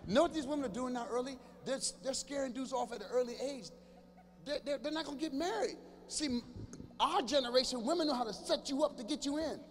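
A man in his fifties doing stand-up comedy with crowd work, animated, often acting out other people's voices and bantering with the audience. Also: very high voice, fast, big-room sound. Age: 50s. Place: large church hall before a live audience.

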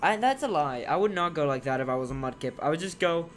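A man's voice: fairly high pitch, animated, quick pace, few pauses, faint music behind. A man giving casual gameplay commentary as a let's player, joking and reading game text aloud.

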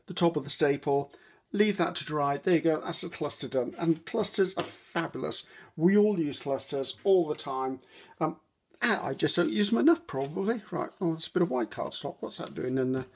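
A woman's voice: on the low side, a little mellow. A woman hosting a casual crafting tutorial, chatting directly to viewers while she handles and shows her materials.

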